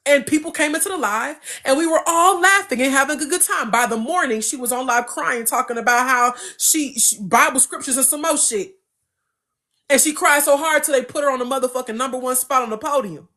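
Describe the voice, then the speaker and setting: A young adult woman, guesting on an interview, tells a story in a high-pitched, brisk voice, casual and animated, emphatic and profane.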